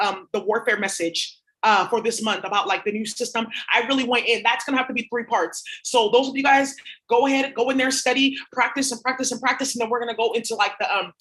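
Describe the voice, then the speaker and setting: A woman's voice: a little high, a bit bright, low-quality recording. Profane, rambling woman ranting to camera. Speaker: spiritual reader and channel host. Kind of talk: casual rant to camera.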